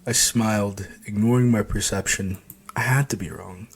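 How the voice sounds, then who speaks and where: Low-voiced man narrating an audiobook. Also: steady tone, normal speed, gravelly, slightly rough. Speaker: author reading his novel.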